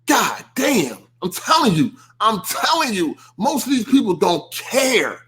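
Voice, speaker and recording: A man's voice: high voice, unhurried. A man hosting a podcast, ranting in casual speech with lots of swearing and mocking asides. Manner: animated, swearing, laughing, mocking quoted voices. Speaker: podcast host. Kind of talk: casual rant.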